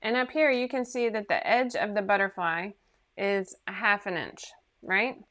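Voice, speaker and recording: Woman host, mid-pitched, rambling and self-deprecating, live sewing chat over a computer mic at home. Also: fairly even intonation, moderate pace, fairly bright tone. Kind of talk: casual livestream chat.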